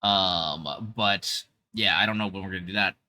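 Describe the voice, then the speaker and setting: A man's voice: low-pitched, normal speed, bright, forceful tone. A young man chatting casually on a gaming livestream into a desk mic, upbeat and full of fillers. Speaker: VTuber streamer.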